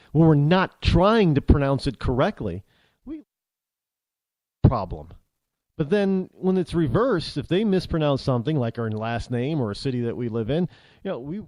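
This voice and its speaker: An American man hosting a talk show, delivering a rambling opinion monologue full of halting restarts. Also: fairly high pitch, warm tone, no echo, clean studio sound. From United States.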